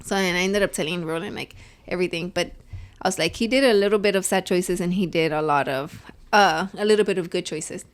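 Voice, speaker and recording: A young woman co-hosting a casual podcast, telling stories about her family with lively, animated energy. She switches between English and Spanish mid-sentence and acts out the lines of the people in her stories. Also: lowish voice, a little fast, smooth. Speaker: podcast co-host. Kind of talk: casual chat.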